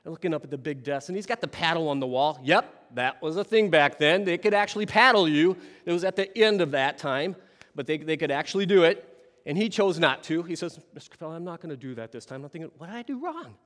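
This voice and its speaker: A man telling a story to an audience in an animated way, often turning to ask the listeners questions. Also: on the high side, fairly quick, in a large hall. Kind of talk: storytelling talk.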